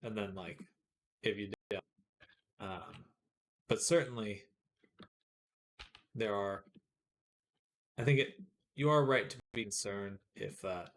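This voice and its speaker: A man's voice: fairly low pitch, slow, creaky, pauses often, a bit bright. A man chatting casually on a live stream while he draws, rambling with many fillers and answering viewers' comments.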